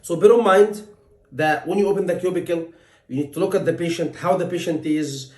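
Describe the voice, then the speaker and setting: Brief: high-pitched male tutor, repetitive coaching delivery, roomy echo. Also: brisk. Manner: repetitive, coaching, acts out doctor lines softly. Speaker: medical exam tutor. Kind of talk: teaching lecture.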